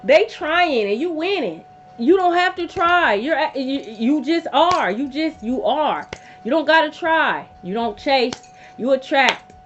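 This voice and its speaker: Brief: woman, tarot reader, high voice, blunt and profane, dull lo-fi audio with hum. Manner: emphatic, blunt and profane, repeating lines for effect. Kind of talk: casual tarot reading to camera.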